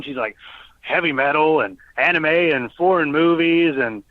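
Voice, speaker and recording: A man co-hosting a podcast, telling stories in a casual, animated way and acting out the quotes. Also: on the high side, a little fast, no room sound, lo-fi sound. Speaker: podcast co-host.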